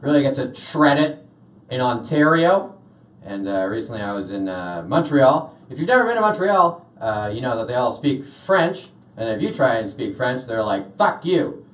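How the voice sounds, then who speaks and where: A young man doing a stand-up routine in a comedy club, deadpan, with lots of "uh" fillers. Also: mid-range voice, normal speed. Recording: roomy club sound from a distance.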